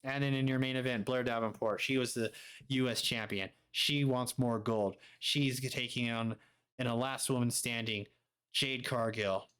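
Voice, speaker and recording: A man's voice: mid-range voice, fairly even intonation, fairly bright tone, clean tone. Man casually recapping a wrestling game. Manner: quick, offhand recapping. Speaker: gaming streamer. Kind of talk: game commentary.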